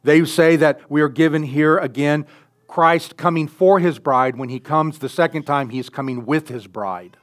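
A man preaching a sermon in an earnest way, building up loudly on key phrases. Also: fairly high pitch, normal speed. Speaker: pastor.

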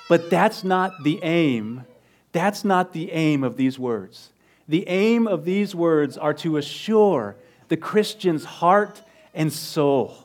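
A man preaching a sermon in a conversational way, sometimes dropping to a soft low voice for emphasis. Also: slow pace. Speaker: pastor.

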